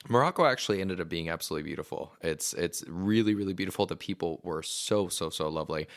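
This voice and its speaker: A man's voice: sits low, fast talker, dry recording, clean studio sound. A young adult man from Venezuela, a guest talking casually in an interview, rambling with lots of fillers. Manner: chatty, rambling storyteller with many fillers. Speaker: actor and podcast guest.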